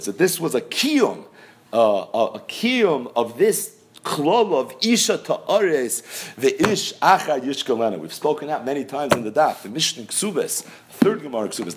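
A man teaching a Talmud class, explaining texts in English sprinkled with Hebrew and Yiddish terms. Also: fairly high pitch. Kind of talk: Talmud lecture.

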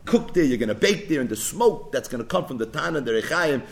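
Man teaching a lively Talmud lesson. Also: mid-range voice, fast. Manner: explains in English mixed with Hebrew and Aramaic terms; conversational, asks and answers his own questions. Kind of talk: daily Talmud page lesson.

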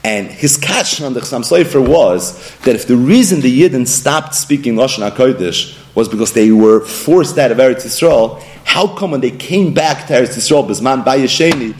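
Lively, animated man teaching Torah. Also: mid-range voice, normal speed. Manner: animated, acts out quoted speakers and mixes in Hebrew and Aramaic terms. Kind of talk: Torah lesson.

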